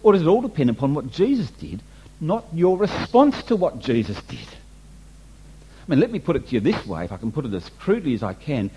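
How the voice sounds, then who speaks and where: A man's voice: fairly high pitch, sing-song, brisk, warm tone, a little hiss or hum, poor audio. A man preaching a sermon, emphatic and repetitive, asking the congregation rhetorical questions. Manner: emphatic, repeats and restates points, rhetorical questions.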